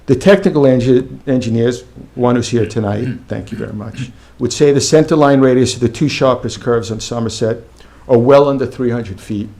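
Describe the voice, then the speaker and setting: A man's voice: mid-range voice, moderate pace, few pauses, mellow. A man, a local resident, reading a firm, factual prepared statement during public comment at a village board meeting.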